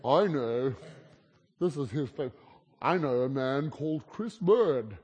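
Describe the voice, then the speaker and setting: A man's voice: medium pitch, lively intonation, unhurried, a little mellow, husky, highs cut off. A man from South Africa with a South African accent, preaching a humorous sermon as a guest. He tells stories in a chatty way and teases the audience. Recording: long reverb of a large hall.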